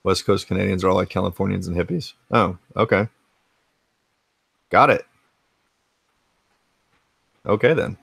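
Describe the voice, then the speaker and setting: A man's voice: sits low, measured pace, vocal fry, long pauses, a bit bright, slightly rough, dry recording. An American man hosting a casual retro gaming livestream from his home game room, laid-back and rambling, swearing freely as he answers chat. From United States.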